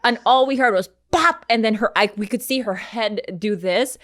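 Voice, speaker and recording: A woman's voice: fairly high pitch, moderate pace, a bit bright, no echo, studio quality. A woman in her thirties co-hosting a podcast, telling a story in rambling casual chat, full of ums and swearing. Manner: rambling, hesitant with many ums, swears freely. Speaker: podcast co-host.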